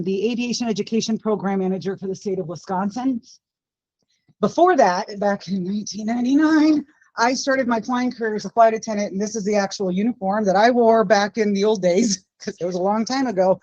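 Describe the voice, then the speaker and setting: A woman's voice: mid-range voice, a little mellow, dry recording, lo-fi sound. A woman in her forties giving an informal, heartfelt classroom talk as a guest speaker, with a runny nose. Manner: emotional, earnest storytelling. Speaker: guest speaker, aviation education manager.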